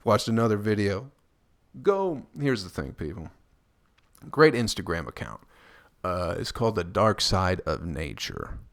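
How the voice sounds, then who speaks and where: A man hosts a casual solo podcast, speaking close to the mic and rambling crudely with jokes and lots of swearing, sometimes mimicking people in high, squeaky voices. His pitch swings widely, his pace is unhurried, and there is no echo.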